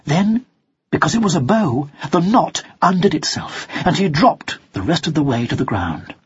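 A narrator reading a children's storybook aloud in a slow, expressive way, on a dull lo-fi recording. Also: mid-range voice, breathy edge, no echo. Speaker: audiobook narrator.

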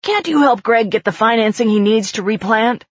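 A woman voicing an easygoing older man who talks in a folksy, relaxed way. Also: on the high side, moderate pace, no echo, voice pushed up, close to an everyday voice. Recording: dull dry studio read.

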